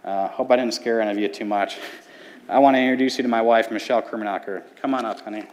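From a church stage, a youth pastor in his thirties who leads middle school ministry recounts his testimony with earnest, paced storytelling and dramatic pauses. His voice is lowish, steady and somewhat dark, with slight background noise and the long reverb of a church sanctuary.

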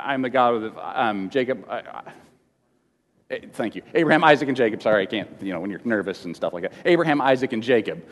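A man teaching a Bible lesson to a congregation in a casual, halting way, often repeating words and slipping in jokes, at times emotional. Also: medium pitch. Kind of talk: informal teaching sermon with questions to the room. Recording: long reverb of a large hall.

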